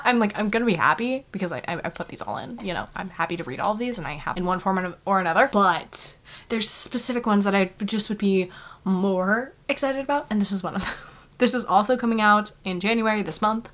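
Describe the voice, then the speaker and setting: A young woman talks casually to her camera about books. She gushes and gets excited easily, swears lightly, and leans on "like" as she goes. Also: medium pitch. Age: young adult. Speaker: book vlogger. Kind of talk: casual vlog chat.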